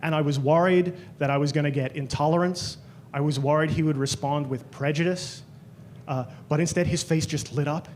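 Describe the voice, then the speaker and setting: Onstage at a comedy club, an Australian comic speaks at a moderate pace in a fairly high voice, over a faint hiss or hum. His routine is lively storytelling in which he imitates others with overblown voices.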